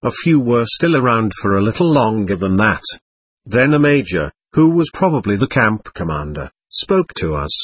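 Husky-voiced male audiobook narrator. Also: on the low side, dry recording. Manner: measured, expressive storytelling. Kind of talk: first-person scripted narration.

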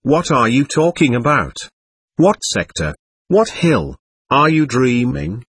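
A man's voice: mid-range voice, sing-song, slow pace, fairly bright tone, breathy edge, dry recording, heavily acted. A man reading as a gaunt, bitter starving soldier. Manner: sneering, roaring.

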